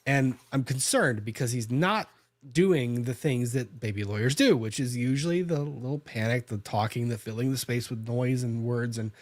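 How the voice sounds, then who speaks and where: A man's voice: mid-range voice, normal speed, no echo. A man, a lawyer hosting a podcast, telling a story in a casual, conversational way with frequent restarts and self-corrections.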